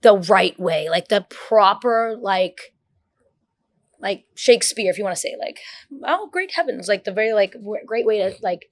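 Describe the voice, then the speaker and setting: A young woman chatting as a podcast guest, talking fast and rambling with lots of fillers. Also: mid-range voice, fairly even intonation, no echo. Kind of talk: casual chat.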